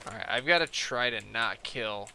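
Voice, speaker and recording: A man's voice: mid-range voice, lively intonation, normal speed, pushed and bright, slight background noise. A young man chatting casually on a gaming live stream, rambling through a story full of fillers and quoted back-and-forth. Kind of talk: casual live-stream chat while playing.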